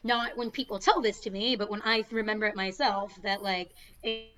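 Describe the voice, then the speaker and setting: Bright-voiced woman, animated and sarcastic. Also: medium pitch, moderate pace. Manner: animated, laughs often, sarcastic asides. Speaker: sports journalist. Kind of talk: casual panel chat.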